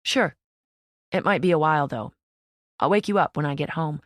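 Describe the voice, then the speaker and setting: A woman's voice: low voice, normal speed, no room sound, clean studio sound, close to an everyday voice. A woman voicing an easygoing young man who speaks plainly and matter-of-factly. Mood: calm. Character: easygoing young adult brother, kind.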